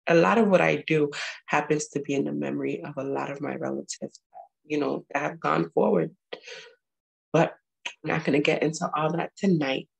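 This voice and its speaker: Gravelly earnest woman host. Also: deep voice, fairly even intonation, moderate pace, low-quality recording. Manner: earnest, urging and repetitive. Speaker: show host. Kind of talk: live-stream address to viewers.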